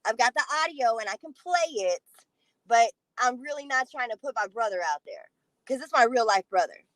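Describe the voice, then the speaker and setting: A woman with a high-pitched voice talks straight to camera in a casual monologue. She is blunt and profane, and she leans hard on her points as she tells the story. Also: expressive, normal speed, fairly bright tone, no room sound, low-quality recording. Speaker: vlogger.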